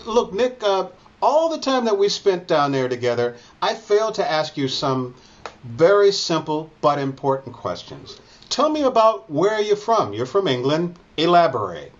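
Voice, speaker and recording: A man's voice: fairly high pitch, very animated, moderate pace, dull audio. A man hosting a casual interview, joking and teasing his guest. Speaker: host.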